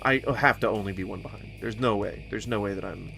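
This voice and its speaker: A man's voice: on the low side, brisk, gravelly, faint music behind. Goofy rambling man playing a game. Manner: goofy, rambling, sing-song wordplay, sudden mock yelling. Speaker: gaming streamer. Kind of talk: casual let's-play commentary.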